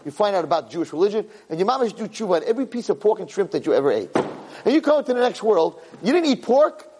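A man giving a Torah class as a lively, emphatic storyteller who keeps jumping into character voices, in an echoey hall. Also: sits high, racing, noisy background. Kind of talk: animated Torah lecture with storytelling. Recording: echoey hall with long reverb.

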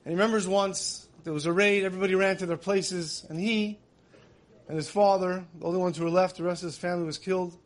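A man's voice: high voice, fairly even intonation, quick pace. A man giving a sermon, telling stories in an earnest way that builds emotion. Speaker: religious teacher.

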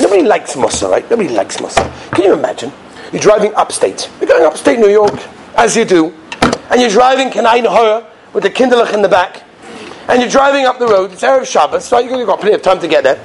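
Lively, high-pitched male preacher. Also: fast talker, creaky, noisy background. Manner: animated, acts out characters in his stories with sudden high outbursts. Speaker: rabbi giving a talk. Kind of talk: sermon with storytelling.

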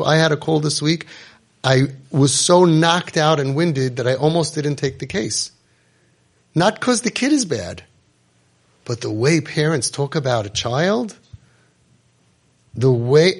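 Impassioned man coaching parents, fairly high voice. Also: gravelly. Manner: preachy, emphatic, mixes in Hebrew and Yiddish terms. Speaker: parenting coach and podcast host. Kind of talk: impassioned talk to a live group.

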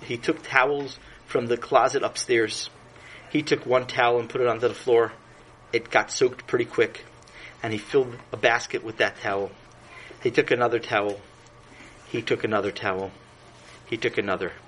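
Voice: mid-range voice, steady tone, moderate pace, long pauses, fairly bright tone, poor audio. A playful storyteller narrating a children's story in a mid-range voice. Asides to the listener break into the tale, and faint background noise sits under the recording.

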